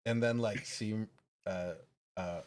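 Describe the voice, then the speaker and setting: A man playing a tabletop game on a live stream, playful and quick to laugh, who also hosts the show. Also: lowish voice, steady tone. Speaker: player and show host.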